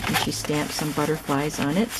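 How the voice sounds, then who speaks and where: A woman casually narrating a show-and-tell of a handmade journal, soft, chatty and admiring as she thinks aloud. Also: sits low, fairly even intonation, normal speed, heavy background noise. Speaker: craft vlogger showing a gifted journal.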